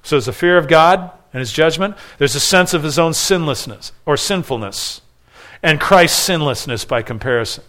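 A man preaching an expository sermon. He is earnest and emphatic, moves from loud stresses to hushed pleading, and stacks short repeated phrases. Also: on the high side, lively intonation, moderate pace.

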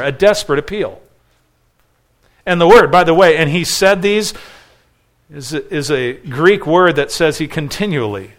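This is a man delivering a sermon in a somewhat high voice. He is earnest and emphatic, often dropping to a soft, pleading hush between louder stresses. He builds his points with short repeated phrases. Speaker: preacher. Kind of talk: expository sermon.

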